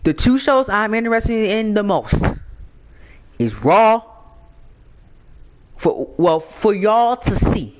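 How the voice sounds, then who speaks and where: A man hosting a wrestling game channel, talking through a casual recap, excitable, stammering and repeating words with many fillers. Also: high-pitched, slow pace, pauses often.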